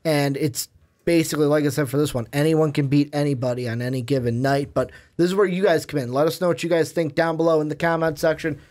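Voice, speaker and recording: A man's voice: fairly high pitch, steady tone, fast, darkish tone. A man co-hosting a sports podcast, chatting casually and steering the segment. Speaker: podcast co-host.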